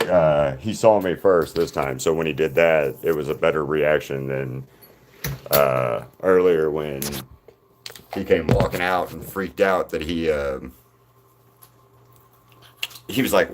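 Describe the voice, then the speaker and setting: A man's voice: rumbling low, slow, long pauses, a little hiss or hum. A man chatting casually on a live painting stream, rambling with many fillers and restarts.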